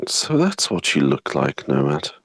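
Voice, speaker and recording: A man's voice: very deep voice, wildly swooping pitch, a little slow, husky, no echo, clean studio sound. A man playing a tabletop game, teasing and playful. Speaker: player. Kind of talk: casual tabletop game play.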